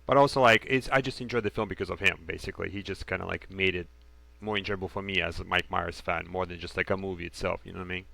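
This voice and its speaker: A man's voice: low voice, fairly even intonation, fast talker, creaky, sharp tone, no echo. A man co-hosting a podcast, chatting keenly as a fan and hedging his words with "like". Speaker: podcast co-host. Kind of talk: casual interview chat.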